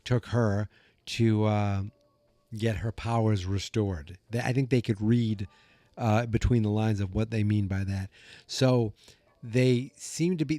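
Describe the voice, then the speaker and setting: A man's voice: on the low side, mellow, dry recording. Man, podcast host, dry close sound, casual rambling recap, lots of ums. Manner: rambling, musing, many fillers. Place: room at home with the door open. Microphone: podcast mic.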